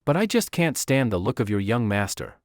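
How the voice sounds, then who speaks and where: A man's voice: mid-range voice, big pitch swings, brisk, no echo, studio quality. A man voicing a blunt, unimpressed male guard at a village gate. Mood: dismissive.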